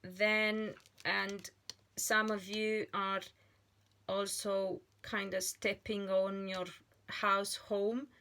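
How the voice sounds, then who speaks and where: A woman reads tarot cards aloud in an unhurried, deliberate way. Her voice sits at a middle pitch, and she often pauses and restarts her phrases as she thinks. The tone stays sincere throughout. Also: little pitch movement, pushed and bright. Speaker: tarot reader. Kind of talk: slow, earnest psychic reading monologue.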